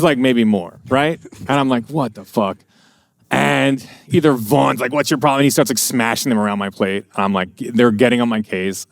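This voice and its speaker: A man's voice: medium pitch, dry recording, clean studio sound. A middle-aged American man telling profane, rambling anecdotes in a casual podcast chat. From USA. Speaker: podcast guest. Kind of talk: casual storytelling.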